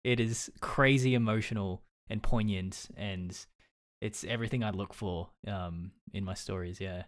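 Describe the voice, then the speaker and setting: A man's voice: on the low side, moderate pace. A male podcast co-host in casual chat, talking hesitantly with plenty of fillers.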